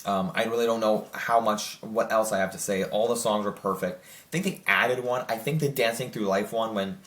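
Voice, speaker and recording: A man's voice: on the low side, moderate pace, fairly bright tone. A young man giving a casual spoken movie review, rambling with many fillers and restarts. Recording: echoey room.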